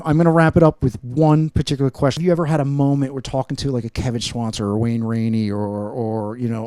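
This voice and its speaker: A man's voice: mid-range voice, dark tone, no echo, studio quality. An American man hosting a podcast interview, asking eager, friendly questions. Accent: American English. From United States. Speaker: podcast host. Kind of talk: casual interview.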